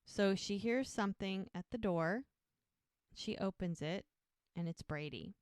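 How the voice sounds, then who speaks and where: A woman's voice: medium pitch, unhurried, a little mellow, clean tone, no room sound. A woman talks through a show's scenes for her podcast in an easy, chatty way, sometimes quoting the characters. Her voice sits mid-range and sounds close and dry, with no room around it. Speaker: podcast co-host. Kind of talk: casual episode recap.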